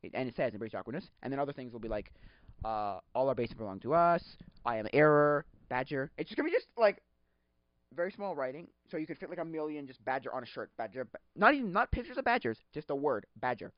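A man hosting a podcast, chatting casually in a rambling, excitable way, laughing often and acting out quotes. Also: mid-range voice, fast talker, dry recording. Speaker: podcast host. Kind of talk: casual solo chat. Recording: dull lo-fi sound.

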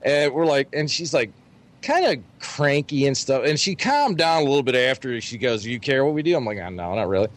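A man's voice: mid-range voice, normal speed. A man telling a dating story to friends in a casual podcast chat, profane and laughing as he goes. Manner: animated, profane, laughing as he tells it. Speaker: podcast co-host.

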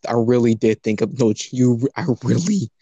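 A man's voice: mid-range voice, moderate pace, mellow, husky, dry recording, dull audio. A young man from Los Angeles telling a rambling, profane story in casual chat, laughing often.

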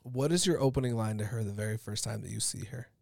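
Fast-talking teasing podcast host man. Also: fairly low pitch, creaky, a little mellow, dry recording, studio quality. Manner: teasing, quick questions. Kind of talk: casual interview.

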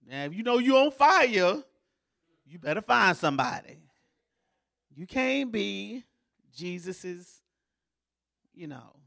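A woman's voice: medium pitch, very animated, takes it slowly, creaky, long pauses, a bit bright. A woman pastor giving a sermon in a folksy, joking, conversational way, as if in a church.

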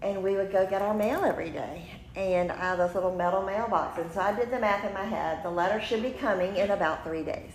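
A woman in her fifties, a podcast host, telling a personal story in an animated way, laughing often and acting out what people said. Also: mid-range voice, fairly quick, hardly any pauses. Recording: roomy room with faint noise.

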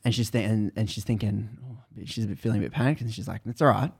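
A man hosting a podcast, casually retelling a book's story in animated bursts that build tension. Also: lowish voice, fast, vocal fry, slightly rough. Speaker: podcast host. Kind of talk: casual book recap chat.

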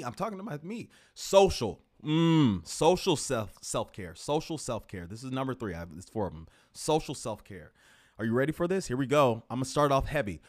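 A man hosting a podcast, giving an animated, profane, casual motivational talk full of repeated rhetorical questions. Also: fairly high pitch. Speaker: podcast host.

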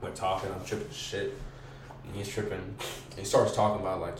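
A young man with a lowish voice tells a rambling, profane story in thick slang, voicing what he and others said. He sits some way from the mic in an echoey room, with a faint hiss underneath. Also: level tone, moderate pace. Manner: slangy, profane, acts out his own quotes. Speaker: podcast guest. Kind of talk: casual storytelling. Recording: roomy, distant mic, faint noise.

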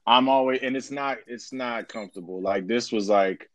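A young man co-hosting a casual podcast, talking in a relaxed, rambling way with lots of fillers. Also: mid-range voice, normal speed, dry recording. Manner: laid-back, rambling with many fillers. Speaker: podcast co-host.

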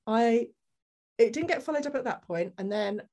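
A woman's voice: a little high, normal speed. A woman guest on a podcast, telling a personal story candidly and acting out the people in it. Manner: animated, acts out the people in her story.

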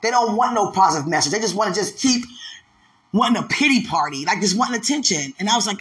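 Bright-voiced, laughing, teasing speaker. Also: expressive, fast talker, low-quality recording. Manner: laughs often, teasing, repeats "you understand?"; acts out quoted voices in a raised pitch. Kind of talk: casual faith-filled monologue.

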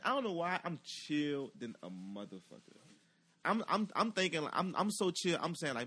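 Man, animated profane storyteller, lively pitch, bright voice. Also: normal speed. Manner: profane, excitable, acts out voices with loud outbursts.

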